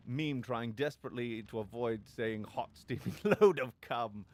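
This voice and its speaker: A man's voice: mid-range voice, expressive, moderate pace, few pauses. A man talking casually on a live stream, rambling and joking crudely, with many fillers and restarts.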